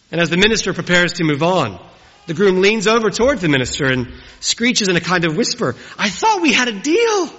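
A man in his forties preaches a humorous wedding sermon in a church, with a warm, funny, storytelling delivery. His voice sits high and slightly rough, and the dull recording carries long church reverb.

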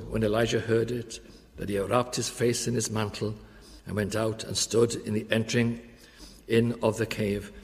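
A man preaching a sermon in an earnest, emphatic way, slowing down to stress key phrases. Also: fairly low pitch, darkish tone, big-room sound.

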